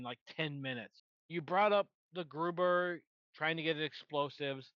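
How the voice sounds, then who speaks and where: A man's voice: fairly high pitch, pushed and bright, no room sound, lo-fi sound. A man co-hosting a podcast, chatting casually about a movie in a laid-back way. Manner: laid-back, laughs often, swears casually. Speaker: podcast co-host.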